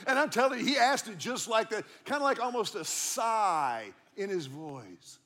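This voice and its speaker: A man's voice: sits high, expressive, moderate pace, a bit bright. A middle-aged man, a pastor, preaching a sermon in a church in a conversational, storytelling way, repeating key lines for emphasis. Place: church auditorium.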